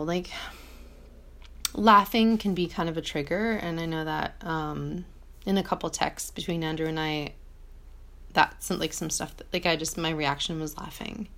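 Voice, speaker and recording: Vlogging from her small apartment, this woman talks a little slowly in a fairly low, fairly bright voice. Her reflective, casual monologue wanders, is packed with "like," and keeps correcting itself.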